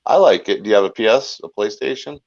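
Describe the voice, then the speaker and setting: Low, gravelly man chatting loosely. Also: fast talker, darkish tone, no echo. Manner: rambling, talkative, full of restarts. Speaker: guest, filmmaker and YouTuber. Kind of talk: casual chat. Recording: dull lo-fi sound.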